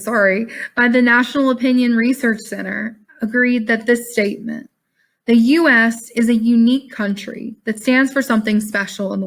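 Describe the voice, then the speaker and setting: A woman teacher, reading a text aloud and explaining it casually to her online class over a video call, sounding tired. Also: a little high. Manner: casual, chatty, calls class "y'all".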